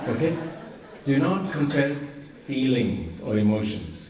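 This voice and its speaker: A priest giving a humorous sermon, teasing with rhetorical questions. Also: male voice, medium pitch, very animated, slow pace, a little mellow, recorded from a distance. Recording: roomy echo, voice from afar.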